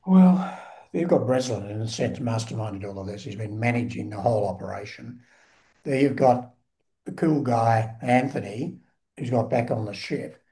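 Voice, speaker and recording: A man hosting a conversation, prompting the storyteller with eager questions and lively reactions. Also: mid-range voice, moderate pace. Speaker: host. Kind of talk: conversational interview.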